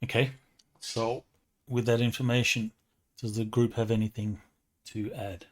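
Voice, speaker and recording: Soft-spoken man running a tabletop game. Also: mid-range voice, little pitch movement, measured pace. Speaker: game master.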